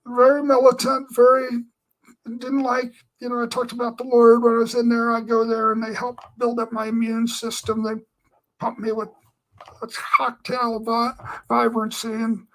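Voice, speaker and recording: This rough recording captures a Christian man speaking at normal speed in a very high, monotone voice. He earnestly shares his testimony, rambling through it with lots of filler phrases.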